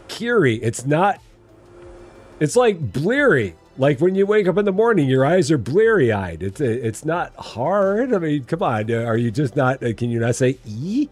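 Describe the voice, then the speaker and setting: A man's voice: mid-range voice, darkish tone. A man from Illinois hosting a live game stream, chatting playfully and answering viewers. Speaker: live-stream gamer host. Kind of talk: casual live-stream chat.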